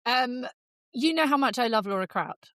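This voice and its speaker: A woman's voice: on the high side, lively intonation, a bit bright, no echo. A middle-aged woman co-hosting a podcast, teasing her co-host and telling anecdotes in casual chat. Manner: teasing, quick with a joke.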